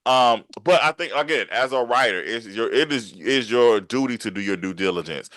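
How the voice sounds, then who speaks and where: A man hosting a casual interview podcast, animated and laughing easily, often repeating his phrases. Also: mid-range voice, normal speed, dry recording. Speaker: podcast host and writer.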